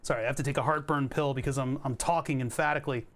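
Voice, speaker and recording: A man with a mid-range, fairly even voice talks rapid-fire while playing a building game on stream. His commentary is casual and rambling, full of self-mockery and joking asides to his chat.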